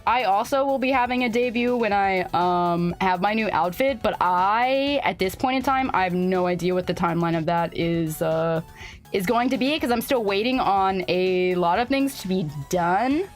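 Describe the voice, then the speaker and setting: A woman's voice: medium pitch, moderate pace, soft background music. A young woman streaming live, chatting casually with her viewers, rambling with lots of "like" and laughing often. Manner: rambling, filler-heavy, laughs often, reads chat aloud. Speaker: VTuber streamer.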